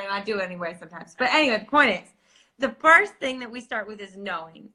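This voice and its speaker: A woman's voice: mid-range voice, fast, sharp tone. A woman who coaches clients on intuition, talking casually on a podcast and acting out her inner voices in little quoted asides.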